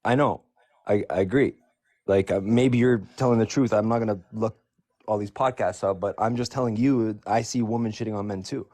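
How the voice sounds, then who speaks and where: A man's voice: fairly low pitch, fairly even intonation, a little fast, darkish tone. A man in a casual debate, talking loosely with many fillers and some swearing.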